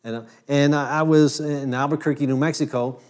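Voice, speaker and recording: A man's voice: on the high side, steady tone, fairly quick, darkish tone, clear, resonant tone. Man from Ohio giving a casual lecture. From Ohio, United States. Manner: conversational, with frequent restarts and uh fillers.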